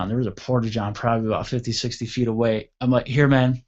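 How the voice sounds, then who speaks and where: A man in his thirties hosts a radio show and tells a crude story with animated energy, acting out the other voices as he goes. His voice sits at an ordinary middle pitch. The audio is dull and lo-fi. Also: fast talker. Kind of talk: casual storytelling chat.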